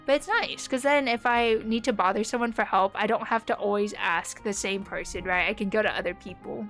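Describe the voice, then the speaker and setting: A woman's voice: mid-range voice, fairly quick, hardly any pauses, fairly bright tone, soft background music. A young woman from the United States with a neutral American accent, chatting casually with viewers while she plays a game, rambling with lots of fillers. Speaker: streamer.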